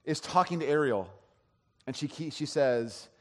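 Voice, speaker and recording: A man's voice: a little high, animated, moderate pace. A man giving a sermon as pastor, telling a story in a conversational way with frequent restarts. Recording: long hall reverb.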